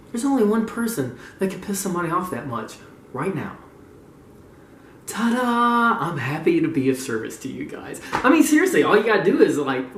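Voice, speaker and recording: A man's voice: high-pitched, distant mic. A man ranting casually to his gaming community as a vlogger, gleeful and mocking, laughing often and swearing freely. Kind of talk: casual profane rant. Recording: roomy, voice away from the mic.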